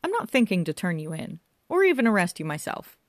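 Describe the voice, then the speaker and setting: Woman playing a deadpan young male bobby for an audiobook, dry close sound. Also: high-pitched, fairly quick, no echo, pitched above the performer's own voice. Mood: earnest. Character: blunt young male police constable. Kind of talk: audiobook character voice.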